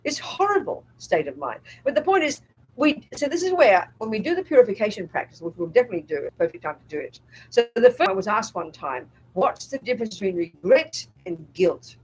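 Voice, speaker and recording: A Buddhist nun leads a retreat talk in a slightly husky voice that swings widely up and down in pitch. She is blunt and emphatic and keeps asking the room whether they get her point. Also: big pitch swings, fairly quick, rough recording. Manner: emphatic and blunt, asks the audience if they follow; acts out inner voices in quotes. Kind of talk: dharma talk to a live group.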